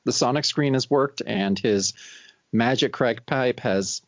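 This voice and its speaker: A man co-hosting a comic book podcast, commenting with laughs and animated asides. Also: mid-range voice, measured pace, no echo, highs cut off. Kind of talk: casual chat.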